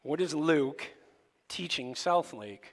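A male pastor giving a sermon to his church, asking the congregation lively rhetorical questions. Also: a little high, slow, in a large hall. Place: church sanctuary.

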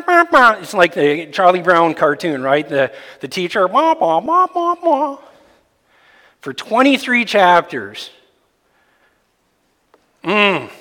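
A man preaching a sermon as a pastor, animated and jokey, sometimes mimicking babble. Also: on the high side. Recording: long reverb of a hall.

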